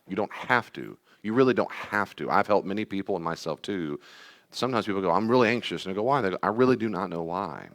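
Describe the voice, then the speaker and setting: A man counseling and teaching a live class on anxiety, talking to the audience in an animated, emphatic way and repeating key phrases. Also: low voice. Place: meeting room with live audience and online viewers.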